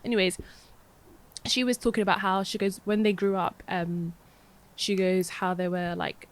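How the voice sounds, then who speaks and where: A young woman talks over a podcast mic at an everyday middle pitch. She rambles easily through a long story, restarting sentences and leaning on fillers. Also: little pitch movement, moderate pace. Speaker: podcast co-host. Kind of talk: casual chat.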